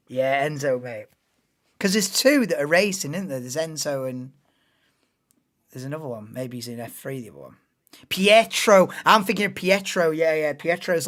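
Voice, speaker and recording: A man's voice: fairly high pitch, a bit bright. A man doing casual live race commentary on a stream, chatting and thinking aloud between calls of the action.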